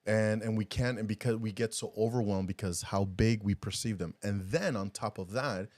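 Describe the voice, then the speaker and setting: Male podcast co-host, low voice, animated and rambling, laughs a lot; dry studio sound. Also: moderate pace, dry recording. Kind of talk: casual chat.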